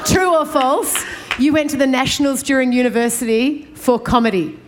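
A woman's voice: high voice, normal speed, a little hiss or hum. A woman hosting an interview, asking playful questions in a teasing, upbeat way.

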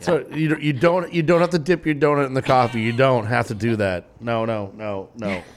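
A man's voice: mid-range voice, steady tone, fairly quick, a little hiss or hum. A man hosting a local radio show, joking and laughing through casual chat.

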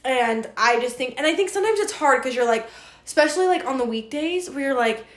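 A woman's voice: sits high, fairly quick. A young woman in her twenties co-hosting a podcast, talking casually and laughing often as she acts out quotes. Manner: loud when excited. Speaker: podcast co-host. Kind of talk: casual chat. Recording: echoey room.

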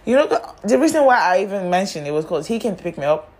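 A young woman tells stories in a casual, exasperated way. She often turns to address the listener directly, in a medium-pitched voice. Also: very animated, fast talker, darkish tone. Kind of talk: casual storytime monologue.

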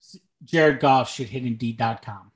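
A man's voice: mid-range voice, unhurried. A young man co-hosting a podcast, making dry sarcastic jokes between thoughtful takes, with frequent ums and uhs. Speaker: podcast co-host. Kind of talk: casual sports and movie chat.

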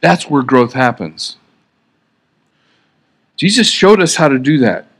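A man's voice: mid-range voice, sing-song, slow pace, a bit bright, breathy edge. A man giving a sermon in an earnest, conversational way, often restarting his sentences. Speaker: preacher.

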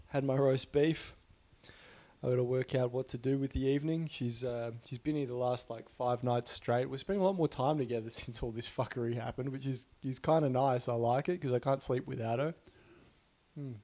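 A man's voice: medium pitch, moderate pace, a little mellow. A young man talking casually and openly about his life, swearing often and laughing between thoughts. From Australia. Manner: swears a lot, laughs often, rambling and candid. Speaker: podcast host. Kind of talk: casual personal monologue.

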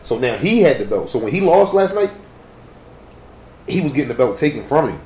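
A man in casual chat with friends, animated and profane, laughing often. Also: medium pitch, a little fast, reverberant, a little hiss or hum.

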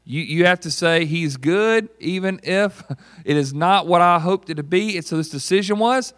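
Conversational preacher, a man with a higher voice. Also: moderate pace, fairly bright tone. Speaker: pastor. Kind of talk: sermon.

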